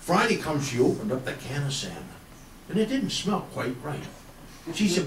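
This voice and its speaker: A man's voice: mid-range voice, expressive, normal speed, far from the mic, a little hiss or hum. A man telling comic country yarns on stage in a folksy, slangy way, chuckling through his lines. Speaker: country comedian storyteller. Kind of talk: stand-up comic storytelling. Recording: roomy, from off the mic.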